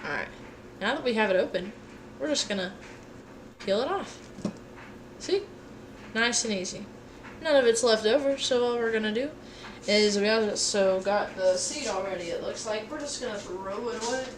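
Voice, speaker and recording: This is casual livestream chat from a home kitchen, where a tired young woman cooks and rambles playfully to viewers, adding sing-song asides. Her mid-range voice moves at normal speed and she pauses often. The background is noisy, with kitchen clatter clearly heard.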